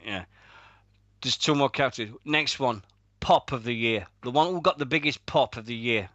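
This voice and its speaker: A man's voice: medium pitch, moderate pace, a bit bright, dry recording, muffled recording. A British man co-hosting a wrestling radio show, rambling through stories with plenty of swearing and laughing at his own jokes. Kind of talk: casual podcast banter.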